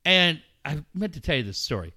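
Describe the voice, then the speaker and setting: A man in his forties co-hosting a talk show, telling stories in a casual, animated and profane way. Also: fairly high pitch, brisk, gravelly. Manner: animated, profane storyteller acting out his own reactions. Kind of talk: casual chat.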